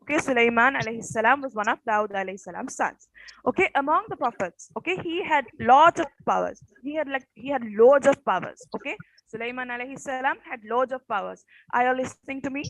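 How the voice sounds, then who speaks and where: A woman teacher with a high voice and a rough morning rasp tells a story to her class. She talks casually, says "okay" often and keeps checking in with questions. The sound is dry and close, with no room around it. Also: animated, quick pace, a bit bright, no echo, rough recording. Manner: peppers speech with "okay" and quiz questions.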